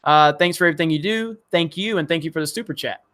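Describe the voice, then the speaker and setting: A man's voice: on the high side, fast talker, a bit bright. A man from Alabama hosting a live stream, chatty and enthusiastic as he reads out viewer chats. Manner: chatty and enthusiastic, many fillers. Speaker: livestream host reading viewer chats. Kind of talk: casual live-stream chat.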